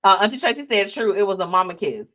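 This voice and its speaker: She talks fast in a mid-range voice, hosting a live stream about celebrity news. The chat is casual, animated and full of sass, and she pauses to read out viewer comments.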